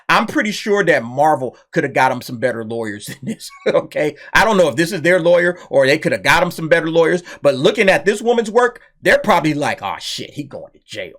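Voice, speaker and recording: A man's voice: on the high side, lively intonation, a little fast, few pauses, a bit bright. A man hosting his own commentary channel, reacting bluntly and mockingly to a news story, laughing often and tagging lines with "okay?" and "all right?".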